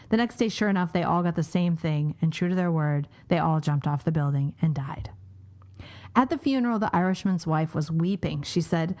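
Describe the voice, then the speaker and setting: A woman hosting a podcast, animated and laughing easily as she tells a long joke. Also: lowish voice, fairly quick. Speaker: podcast host. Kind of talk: casual chat and joke telling.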